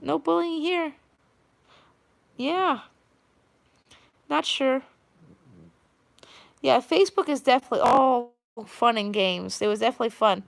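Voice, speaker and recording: Long Island woman, live-stream host: rambling, chatty, a bit higher pitched, gravelly fry, dry close sound. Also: unhurried, long pauses, dry recording. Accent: Long Island New York. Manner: rambling, chatty, greets viewers by name. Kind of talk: casual live-stream chat.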